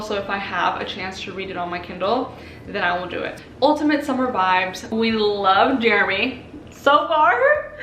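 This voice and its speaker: A young woman chatting gushingly about books on her vlog, quick to laugh and sigh. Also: medium pitch, fairly bright tone. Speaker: book vlogger. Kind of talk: casual vlog chat. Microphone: compact camera. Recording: echoey room with faint noise.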